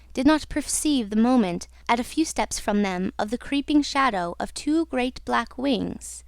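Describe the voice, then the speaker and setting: A woman reading a classic novel as an audiobook in a steady, measured way. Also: a little high, smooth, no room sound. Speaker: audiobook narrator. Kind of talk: scripted audiobook narration.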